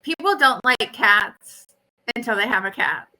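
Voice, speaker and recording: A woman chatting casually, dropping wry, deadpan jokes. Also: a little high, a little slow, loud music behind the voice, poor audio. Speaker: podcast co-host. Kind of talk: casual chat.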